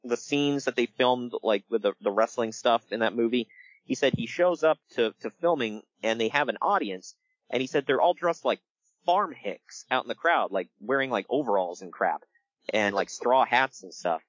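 A man hosting a casual podcast, telling stories in an animated way and laughing along. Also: medium pitch, dry recording, highs cut off. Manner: animated storytelling with laughs and quick impressions. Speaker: podcast host. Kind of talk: casual wrestling podcast chat.

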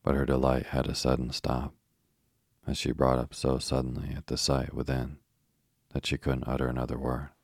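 A man narrating a children's storybook as an audiobook, reading in a steady, even way. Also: rumbling low, normal speed, vocal fry, dry recording, clean studio sound. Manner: steady, even reading with little rise and fall.

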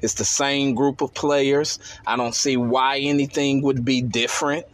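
A man's voice: medium pitch, little pitch movement, measured pace, no room sound. A man leaving a blunt, skeptical recorded voice message for a sports radio show. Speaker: caller.

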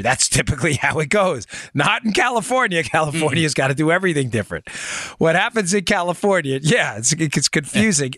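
A man's voice: fairly high pitch, sharp tone, no room sound. A man hosting a political talk show, explaining points in an emphatic, digressive way and speaking straight to his listeners. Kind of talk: conversational political monologue.

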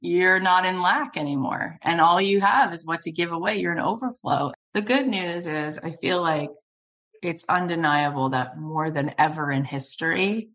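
A woman hosting an interview, telling personal stories in an animated way and laughing often. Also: deep voice. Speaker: podcast host. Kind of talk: conversational interview.

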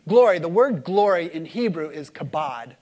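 A man preaching a sermon to a congregation, swinging from loud emphatic lines to hushed, slow ones and leading the room in call-and-response. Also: a little high, expressive. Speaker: pastor.

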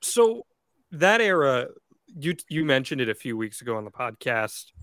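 A man's voice: mid-range voice, big pitch swings, normal speed, fairly bright tone, no room sound. Dry-sounding man asking interview questions. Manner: conversational, asks long setup questions. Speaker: podcast co-host, interviewer. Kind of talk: casual interview.

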